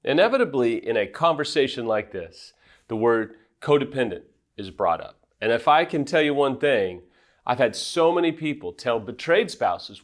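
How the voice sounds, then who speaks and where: A man's voice: medium pitch, very animated, moderate pace. Earnest, emphatic man giving advice. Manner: earnest and emphatic, with self-deprecating asides. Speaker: affair recovery coach. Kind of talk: direct advice talk to viewers.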